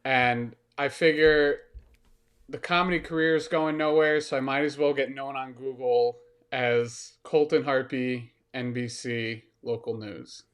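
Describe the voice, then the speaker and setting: A man's voice: mid-range voice, steady tone, measured pace, a bit bright, clear, resonant tone. A man co-hosting a comedy podcast, chatting casually in a rambling, profane, self-mocking way.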